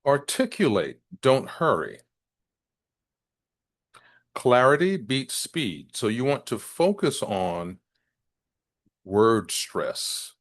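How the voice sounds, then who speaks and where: A man teaching business English, speaking deliberately and stressing key words to demonstrate intonation. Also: medium pitch, very animated. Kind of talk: presenting a business English lesson.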